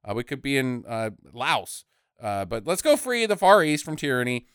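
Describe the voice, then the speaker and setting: A man voicing a laid-back male warrior who talks like a bro, low and mumbling with lots of fillers. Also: lively intonation, moderate pace, a bit bright, smooth, no echo, studio quality. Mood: chummy.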